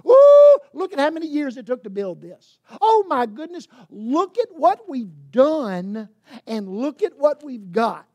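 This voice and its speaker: A woman's voice: fairly high pitch, big pitch swings, measured pace, husky, dry recording, full character voice. A woman preaching, voicing awestruck disciples who gush breathlessly over a grand temple. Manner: breathless, gushing, squealing.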